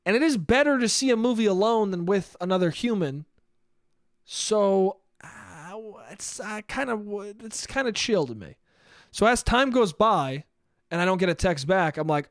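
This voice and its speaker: Animated young man telling a story, dry sound. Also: high-pitched, moderate pace, no echo. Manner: animated, swears a lot, acts out his own inner thoughts. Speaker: podcast host. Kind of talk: casual storytelling monologue.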